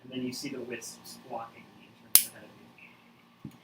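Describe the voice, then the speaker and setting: A man running a tabletop game as game master, narrating scenes in a low, measured voice. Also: flat delivery. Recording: roomy, distant mic with background noise.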